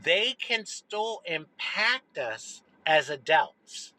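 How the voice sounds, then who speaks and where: Bright-voiced woman telling a childhood story. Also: very slow, no echo, poor audio. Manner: expressive, animated, dropping low for emphasis. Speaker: social media storyteller. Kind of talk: personal storytelling to camera.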